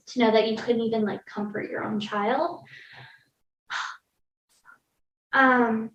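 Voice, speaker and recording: Podcast guest, woman, slightly high voice, candid chatty storyteller, lots of "like"; distant roomy mic, dull audio. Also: fairly bright tone. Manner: candid, lots of "like", laughs through hard moments. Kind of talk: casual personal storytelling. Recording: roomy, distant, dull sound with faint ambience.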